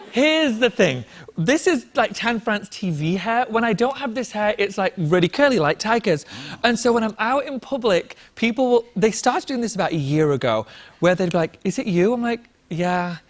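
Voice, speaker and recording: Seorang pria dari Inggris beraksen Inggris, menjadi tamu acara bincang-bincang dan bercerita dengan hidup sambil sering tertawa. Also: male voice, high-pitched, moderate pace. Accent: English. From England. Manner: animated storytelling, laughs often. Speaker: guest. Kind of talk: talk show interview.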